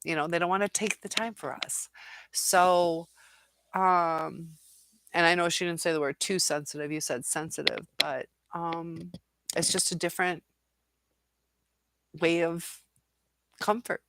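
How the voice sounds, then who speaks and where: A woman's voice: fairly low pitch, steady tone, measured pace, long pauses, noisy background. A woman hosting a casual live-stream chat, reading viewer comments and answering in a rambling way with many fillers and quoted asides.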